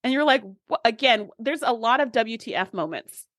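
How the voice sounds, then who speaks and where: A woman's voice: a little high, brisk, no room sound, clean studio sound. A woman co-hosting a podcast, recapping an episode in casual chat and acting out her own reactions. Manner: animated, acts out reactions. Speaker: podcast co-host.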